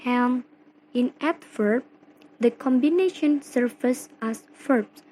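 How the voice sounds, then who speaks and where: Young woman, Indonesian accent, slightly high voice, measured student presentation, faint background hiss. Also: mellow, poor audio. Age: young adult. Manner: slow, careful, phrase-by-phrase reading. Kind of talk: read-aloud class presentation.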